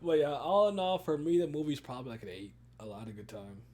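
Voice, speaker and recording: A young man hosting a casual movie review chat, animated and swearing, often laughing. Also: a little high, quick pace. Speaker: podcast host.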